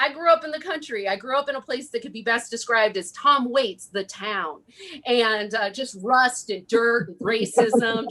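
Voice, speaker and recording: A woman's voice: fairly high pitch, pushed and bright. A woman doing a stand-up set, telling stories in a brash, profane, punchy way. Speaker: stand-up comic.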